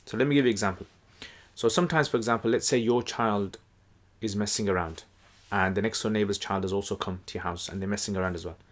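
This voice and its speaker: Man, lowish voice, relaxed teaching talk, lots of fillers and restarts. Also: fast. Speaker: Quran teacher. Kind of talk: casual explanatory lesson.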